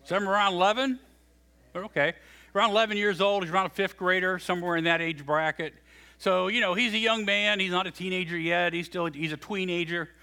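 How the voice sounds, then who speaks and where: A man preaching in a conversational, animated way, retelling a story with frequent restarts. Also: high-pitched, fairly quick. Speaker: pastor. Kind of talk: storytelling sermon.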